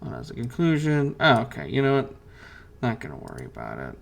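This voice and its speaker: A man's voice: medium pitch, wildly swooping pitch, a little fast, gravelly, slight background noise. A man running a tabletop game as game master, hesitant with many fillers and restarts.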